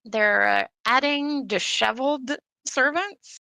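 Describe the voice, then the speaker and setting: A woman's voice: sits high, takes it slowly, vocal fry, bright, forceful tone, clear, resonant tone, dry recording. A woman chatting casually during an online board game session, explaining rules with plenty of fillers. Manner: explains with lots of fillers and restarts.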